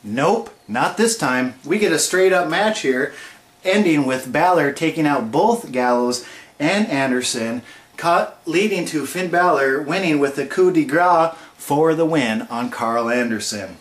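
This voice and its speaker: A man's voice: a little high, lively intonation, measured pace. A man giving a casual, playful recap review of a wrestling show, tossing out jokes and rhetorical questions. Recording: roomy echo.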